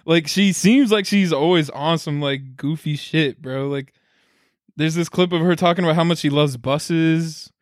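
A man's voice: fairly high pitch, a little slow, dry recording, clean studio sound. A young man co-hosting a podcast, laid-back and profane in casual chat. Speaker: podcast co-host.

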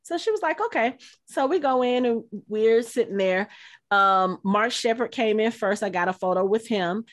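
Animated storytelling woman, dry close sound. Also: moderate pace, dry recording. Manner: animated, acts out quotes in high voices. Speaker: podcast co-host. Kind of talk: casual chat, storytelling.

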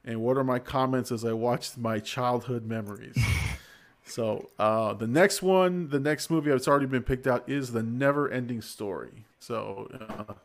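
A man's voice: medium pitch, normal speed. A man in his forties hosting a casual livestream podcast, chatty and rambling, laughing often. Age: 40s. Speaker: podcast host.

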